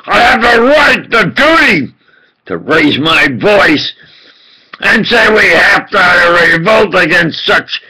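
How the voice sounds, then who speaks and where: A man delivering an impassioned political rant as a self-styled preacher, swinging from low muttering to shouted outbursts and repeating himself for emphasis. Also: vocal fry, slightly rough, poor audio. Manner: repetitive, emphatic.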